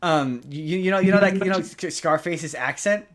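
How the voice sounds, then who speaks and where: A man's voice: fairly high pitch, moderate pace, fairly bright tone. A man co-hosting a podcast, talking casually in a rambling way with many restarts. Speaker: podcast co-host. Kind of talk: casual chat.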